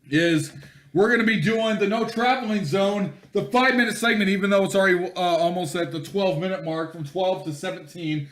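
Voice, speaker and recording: A young man hosting a casual podcast, rambling and laughing, reading sports news aloud haltingly. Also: high-pitched, fairly bright tone, reverberant. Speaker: podcast host.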